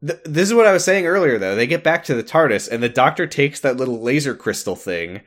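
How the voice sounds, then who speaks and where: A man's voice: medium pitch, expressive, fast, a bit bright. A man co-hosting a podcast, retelling an episode in casual chat with dry, sarcastic asides. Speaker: podcast co-host.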